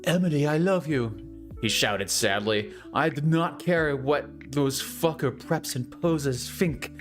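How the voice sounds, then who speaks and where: A man's voice: a little high, measured pace, soft background music, voice pushed up, natural voice. A man voicing a melodramatic, lovestruck teenage boy wizard in an overwrought, pleading voice.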